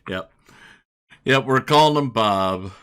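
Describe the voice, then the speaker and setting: A man's voice: medium pitch, lively intonation, slow, a bit bright, clean tone. An American man with a northern accent hosting a podcast in easygoing casual chat. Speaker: podcast host.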